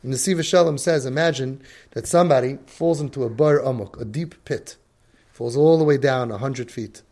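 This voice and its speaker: A man's voice: medium pitch, brisk, a little mellow. A man giving a religious lecture as a parenting coach, emphatic and acting out the voices he quotes.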